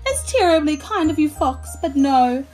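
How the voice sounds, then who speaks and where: A woman voicing a small, clever male mouse in a storybook reading, polite and bright. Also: high voice, animated, moderate pace, faint music behind, voice pushed up.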